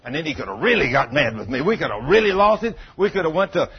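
A man's voice: a little high, big pitch swings, fast, husky. A man preaching a sermon in a folksy storytelling way, acting out both sides of a conversation. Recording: dull lo-fi recording.

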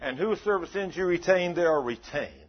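Husky pastor telling a story. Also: male voice, a little high, fairly quick. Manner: folksy, animated storytelling. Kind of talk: storytelling sermon. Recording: dull lo-fi recording.

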